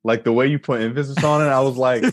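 A man guest co-hosting a podcast, bantering in a profane, expressive way. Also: medium pitch, fast, no room sound. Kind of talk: casual chat.

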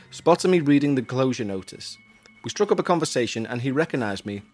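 A man's voice: mid-range voice, slightly rough. Chatty man reading emails. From Huyton, Merseyside, England. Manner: chatty, jokey asides, self-mocking. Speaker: podcast co-host reading listener emails. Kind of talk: casual chat and reading emails aloud.

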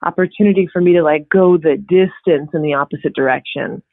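A woman actor talking casually as an interview guest, expressive and often laughing, with quick restarts. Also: sits low, no echo. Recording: tinny phone-like dry line.

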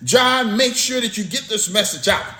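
A man's voice: high voice, expressive, normal speed, bright, forceful tone, roomy sound. A man preaching a sermon, fervent and repetitive, breaking into spoken praise between points.

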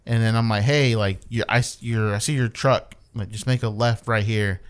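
Smooth-voiced man telling a rant. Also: on the low side, moderate pace. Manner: animated, swears a lot, acts out quotes. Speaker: storyteller in a group chat. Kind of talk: casual profane storytelling.

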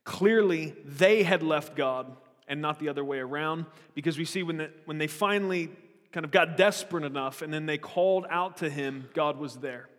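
A man's voice: on the high side, normal speed, fairly bright tone. A male pastor preaching a sermon in a conversational way, reading scripture and making joking asides to the congregation. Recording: long hall reverb.

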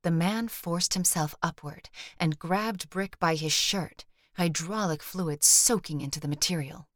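Woman narrating with a low voice. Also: unhurried, fairly bright tone, no echo, studio quality. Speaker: audiobook narrator. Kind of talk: scripted narration.

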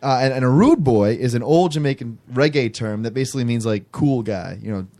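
A man's voice: medium pitch, lively intonation, a little fast, mellow. A man casually telling a rambling, self-amused story on a podcast, restarting his phrases as he goes.

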